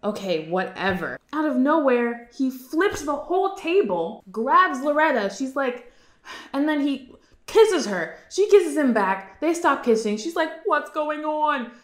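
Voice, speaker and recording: Chatty woman recapping a film, roomy echo. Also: high-pitched. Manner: animated, slips into quick impressions of characters. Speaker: movie recap youtuber. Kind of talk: casual movie recap.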